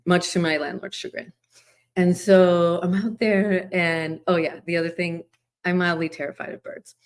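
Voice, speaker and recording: A middle-aged woman hosting a podcast, telling a personal story in a candid, reflective, conversational way, with many fillers along the way. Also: deep voice. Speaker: podcast host. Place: lives in Hawaii.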